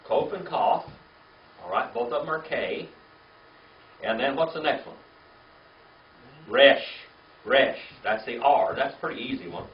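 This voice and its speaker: A man's voice: mid-range voice, animated, fairly quick, slight background noise. A man teaching a Bible class, patiently stepping through letters and checking in with "okay?" and "all right?". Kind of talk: classroom lecture. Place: church classroom with a live audience. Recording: roomy, distant, dull lo-fi room recording.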